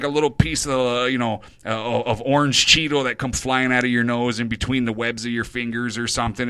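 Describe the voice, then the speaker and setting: A man's voice: medium pitch, bright, forceful tone, clear, resonant tone, no echo. A middle-aged man hosting an internet radio show, rambling nervously about himself in a confessional monologue, stumbling and restarting his sentences.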